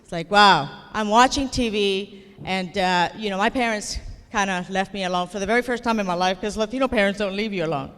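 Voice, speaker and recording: A woman's voice: medium pitch, a little fast, fairly bright tone, smooth. A woman giving a comedic keynote speech, telling playful, self-deprecating stories to an audience. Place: large hall before an audience. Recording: long hall reverb.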